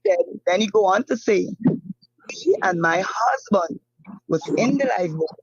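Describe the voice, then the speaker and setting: A woman whose husband is a missing fisherman recounts events in an interview, halting and repeating herself with many fillers. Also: mid-range voice, animated, slightly rough, no room sound, muffled recording. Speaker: family member of a missing fisherman, interview guest. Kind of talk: emotional first-hand account in an interview.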